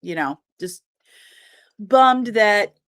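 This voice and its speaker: A woman's voice: medium pitch, animated, extremely slow, fairly bright tone. A young woman hosting a casual livestream, chatting and greeting viewers by name, with easy laughs. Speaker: livestream host.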